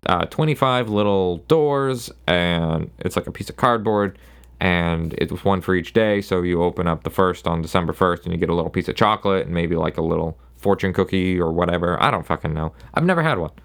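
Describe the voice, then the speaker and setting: Gravelly-voiced man rambling on a podcast. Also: low-pitched, a little fast. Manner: rambling, sarcastic, self-interrupting. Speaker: podcast host. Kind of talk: casual solo podcast monologue.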